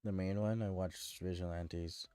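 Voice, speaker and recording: A man's voice: sits low, steady tone, measured pace, mellow, clear, resonant tone, no room sound, faint music behind. A man streaming and chatting casually with viewers, ranting in an exasperated way and often restarting his sentences.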